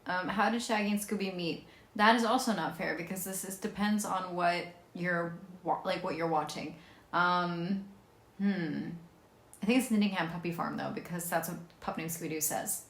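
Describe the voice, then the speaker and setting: A woman's voice: fairly low pitch, normal speed, roomy sound. A young woman chatting bubbly and casually in her home vlog, full of ums and little laughs. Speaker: vlogger. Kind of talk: casual chat.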